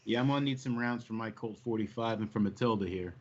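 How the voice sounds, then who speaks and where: A man's voice: on the low side, fast talker, a little mellow, highs cut off. A man playing a tabletop game, brash and joking, swearing casually. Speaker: player.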